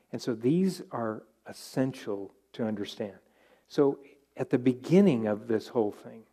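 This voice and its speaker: A middle-aged man preaching at a Bible study with a warm, mellow voice. He speaks earnestly and circles back to his key phrases to drive them home. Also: mid-range voice. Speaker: pastor.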